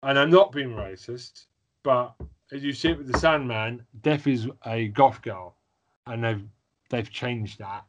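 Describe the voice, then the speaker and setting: A man in casual conversation, relaxed and opinionated in a measured way. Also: mid-range voice, slight background noise. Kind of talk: casual chat.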